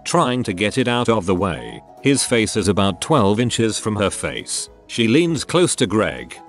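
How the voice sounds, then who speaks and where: A man narrating funny emergency-service stories in a dry, matter-of-fact way. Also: lowish voice. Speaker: narrator reading online stories. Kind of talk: scripted story narration.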